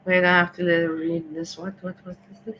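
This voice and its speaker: A woman's voice: lowish voice, little pitch movement, a little fast, fairly bright tone, slight background noise, low-quality recording. A woman hosting a livestream, ranting indignantly and scolding someone over and over. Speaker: livestream host.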